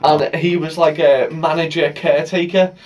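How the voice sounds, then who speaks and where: A male podcast co-host in casual, lively banter, laughing easily. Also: fairly high pitch, moderate pace. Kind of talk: casual chat. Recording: voice distant from the mic.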